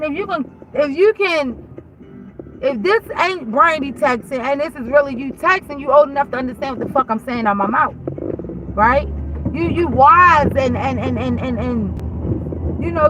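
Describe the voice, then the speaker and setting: A woman with a high-pitched voice talks straight into the mic in a casual monologue. She retells a dispute bluntly and with plenty of swearing. A steady hiss of noise sits under her voice. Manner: blunt, profane, animated retelling with many "I said". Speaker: host. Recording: noisy background.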